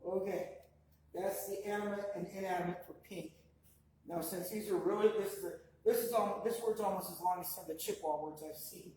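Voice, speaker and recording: Man slowly sounding out syllables. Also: sits high, steady tone, mellow. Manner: slow, drawn-out pronunciation drills by syllable. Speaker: language teacher. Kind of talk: online language class. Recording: echoey, distant mic with faint noise.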